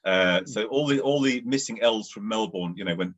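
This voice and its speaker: A man's voice: lowish voice, moderate pace, fairly bright tone. A man from England with a Southern English accent, co-hosting a casual, discursive chat with frequent fillers. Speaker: podcast co-host. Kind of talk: casual conversation.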